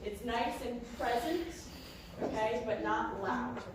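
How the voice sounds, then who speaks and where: A woman leading a large band rehearsal, giving lively instructions and singing phrases to demonstrate. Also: on the high side, slow. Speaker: band conductor. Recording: echoey room from far off, with noise.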